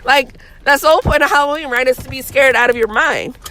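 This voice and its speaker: A woman casually telling a personal story from her car, chatty and animated, acting out what people said in higher voices. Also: quick pace, rough recording. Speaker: vlogger.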